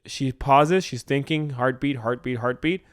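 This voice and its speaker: A man with a mid-range voice rambles through a story pitch, stacking fillers and acting out little lines with swearing. The recording is close and dry. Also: a little slow, smooth, dry recording. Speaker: co-host writing a script. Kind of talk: casual brainstorming chat.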